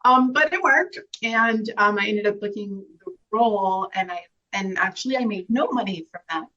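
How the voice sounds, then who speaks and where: Woman, actress guest, casual interview, earnest, reflective, frequent laughs, mid pitch, lo-fi sound. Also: moderate pace, pushed and bright. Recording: slightly dull, lo-fi sound.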